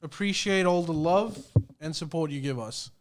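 High-voiced teasing podcast guy. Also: moderate pace, a crowd in the background. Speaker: podcast co-host. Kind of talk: casual podcast chat.

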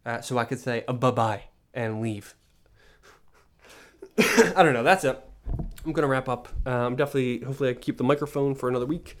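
A man's voice: mid-range voice, brisk, long pauses. A young man hosting a solo podcast, rambling in an exasperated, joking rant with many restarts. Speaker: podcast host.

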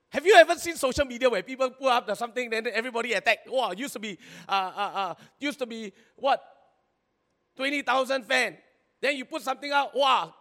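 A male pastor, preaching a sermon in an animated, exclaiming way, with many repeated words and sentence particles. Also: very high-pitched, in a large hall.

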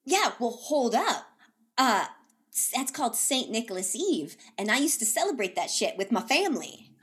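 A woman's voice: on the high side, big pitch swings, normal speed, a bit bright. A woman co-hosting a podcast in casual chat, jokey and swearing casually. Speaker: podcast co-host.

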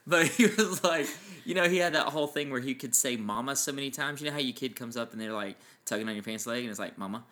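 Lively, bright-voiced man telling stories. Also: medium pitch, quick pace, few pauses. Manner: animated storyteller, acts out voices, laughs often. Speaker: podcast co-host, preacher. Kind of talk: casual chat.

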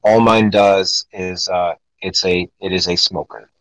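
A man's voice: deep voice, fairly even intonation, a little slow, a bit bright, no echo, rough recording. A man hosting a casual podcast chat, rambling with frequent restarts. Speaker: podcast host.

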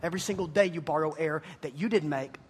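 A man preaching to students in a lively, joking way, and he often slips into mocking voices to imitate his listeners. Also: on the high side, quick pace, slightly rough. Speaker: youth pastor. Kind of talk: energetic youth sermon. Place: room with a live audience of students.

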